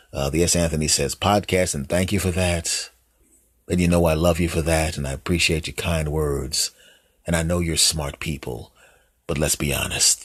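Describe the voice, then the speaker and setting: A man's voice: sits low, breathy edge, no echo, clean studio sound. A man hosting a comedy podcast, delivering a teasing, sarcastic monologue straight to his listeners. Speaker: podcast host. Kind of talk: comic monologue.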